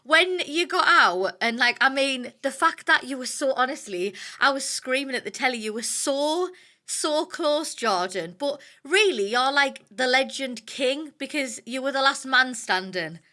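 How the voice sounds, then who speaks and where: A woman hosts a relaxed conversation, chatty and enthusiastic. Her voice sits high and bright. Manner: chatty, enthusiastic, quick asides. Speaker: host. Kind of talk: casual chat.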